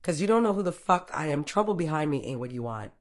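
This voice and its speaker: A tough, foul-mouthed young woman barks threats in a stern, low voice, as a woman narrator acts her out. She blusters and swears through the storybook scene, trying to sound fearless. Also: expressive, normal speed. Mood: defiant, stern. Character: tough, streetwise young woman, cursing, scared but defiant.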